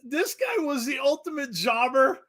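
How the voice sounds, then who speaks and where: A man hosting a live wrestling watch-along, chatting casually, laughing often and breaking into excited shouts. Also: extremely high pitch, normal speed, crowd noise. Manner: chatty, laughs often, reads viewer comments. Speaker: host.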